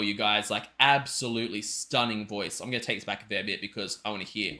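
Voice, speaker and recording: A man hosting a music reaction video, excitable and rambling, often restarting his sentences. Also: fairly low pitch, a little fast, few pauses. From Australia. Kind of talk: casual reaction commentary.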